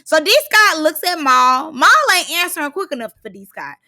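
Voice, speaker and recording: Bright high-voiced woman recapping. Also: sing-song, normal speed. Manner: chatty, slangy, acts out quotes from the show. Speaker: reality TV reviewer. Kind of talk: casual recap commentary.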